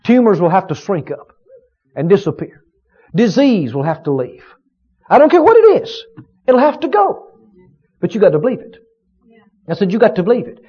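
A male preacher with a very high, lively voice delivers a fervent sermon. He stretches key words slowly and lifts into loud bursts of praise. The recording is dull and lo-fi. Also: slightly rough. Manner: emphatic, drawn-out stresses, rising to shouts of praise.

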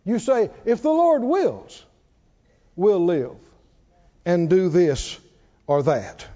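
A high-pitched man preaching a sermon, his voice ringing around a church hall with a long reverb. He talks in a mellow tone and rises and falls a lot, calling on the congregation to answer back. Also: wildly swooping pitch, takes it slowly, highs cut off. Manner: call-and-response preaching, asks the congregation to repeat lines.

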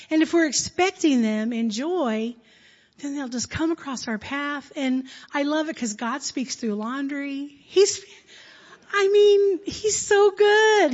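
A woman's voice: high-pitched, dull audio. A woman on a church's staff addressing the congregation in a jovial way, laughing often between phrases. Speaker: church staff member leading the meeting.

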